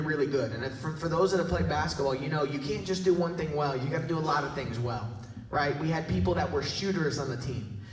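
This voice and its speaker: A man preaching a sermon, telling a story with jokes and frequent tag questions to the congregation. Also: high-pitched. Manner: animated, jokey, talks to the crowd with tag questions. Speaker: pastor. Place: large church hall. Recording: roomy echo from a distance.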